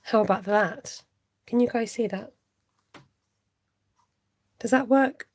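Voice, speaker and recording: A woman hosting a live card-making tutorial, chatting warmly as she reads out viewer votes and laughs often. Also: fairly high pitch, slow pace, no echo. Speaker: card-making livestream host. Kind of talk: live crafting tutorial chat.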